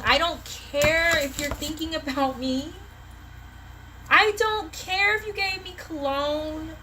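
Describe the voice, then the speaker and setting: A woman's voice: high-pitched, takes it slowly, bright, forceful tone, slight background noise. A woman giving a live-streamed tarot reading, passionate, blunt and full of profanity. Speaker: tarot reader.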